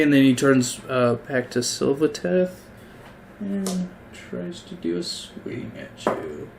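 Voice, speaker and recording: A man's voice: on the high side, slow pace, vocal fry, a little mellow, slight background noise. A man narrating a tabletop game as game master, casual and hesitant with many fillers.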